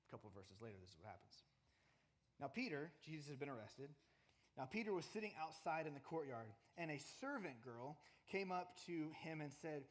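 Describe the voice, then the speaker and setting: A man's voice: a little high, big pitch swings, fairly quick. A man preaching a casual sermon, retelling a Bible story conversationally and asking his listeners questions. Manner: conversational, restarts, asks the audience questions.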